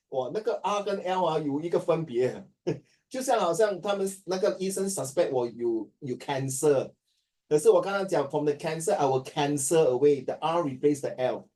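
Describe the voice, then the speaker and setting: A man's voice: on the high side, lively intonation, moderate pace, dark tone, recorded from a distance. A man from Singapore with a Singaporean accent, teaching a class in a joking way and mixing English with Chinese.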